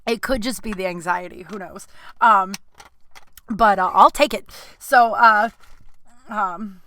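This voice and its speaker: A woman's voice: medium pitch, slow, pushed and bright. A woman in her thirties hosting a podcast, telling a rambling, candid story in casual chat and acting out the voices of people in it. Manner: candid, rambling, swears freely, acts out quotes. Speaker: podcast host.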